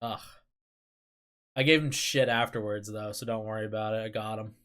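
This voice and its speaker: A man's voice: fairly low pitch, steady tone, fast, a bit bright, smooth. A man hosting a casual livestream chat, rambling with lots of fillers, laughing and swearing as he talks. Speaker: streamer host.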